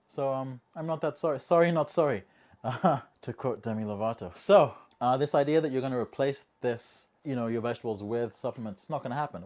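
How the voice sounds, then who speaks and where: A man hosting a casual monologue video, chatty and jokey, tossing in rhetorical asides and swinging between quiet remarks and loud bursts. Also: mid-range voice. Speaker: language-learning video host.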